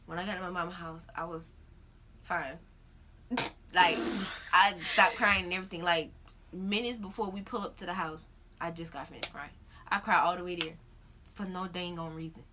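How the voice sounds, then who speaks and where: A young woman telling a personal story in a casual vlog, animated, acting out the voices of others. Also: normal speed, pauses often. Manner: animated, acts out her own crying in high-pitched quotes. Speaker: vlogger. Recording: faint background noise.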